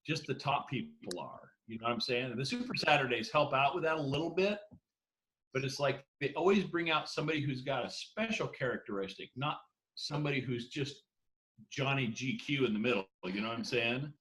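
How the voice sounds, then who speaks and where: A man's voice: mid-range voice, brisk, fairly bright tone, slight background noise, poor audio. A man on a casual team video call, making an earnest, rambling point and often asking "you know what I'm saying".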